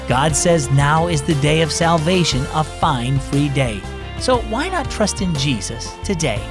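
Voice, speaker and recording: A man hosting a children's devotional program, reading a script in a friendly, earnest storytelling way. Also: a little high. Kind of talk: scripted narration.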